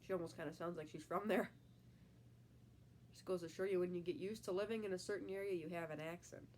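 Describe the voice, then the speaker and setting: A woman's voice: on the low side, fairly even intonation, quick pace, darkish tone, a little hiss or hum. A young woman from the Midwest with a Midwestern accent, stuffy from a cold, chatting casually with viewers on a live stream while reading comments, rambling with lots of fillers. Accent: Midwestern American. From American Midwest. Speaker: livestream host.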